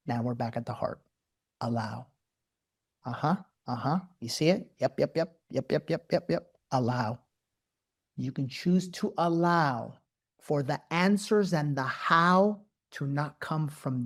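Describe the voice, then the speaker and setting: A man hosting a live-streamed spiritual talk, animated and profane, who repeats words in quick bursts. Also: on the high side. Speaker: host.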